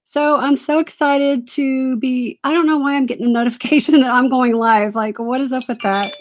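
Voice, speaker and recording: A woman's voice: high-pitched, fairly even intonation, moderate pace, a little hiss or hum. A woman hosting a casual live stream, chatty, apologetic and easily distracted, gushing over items she is shown.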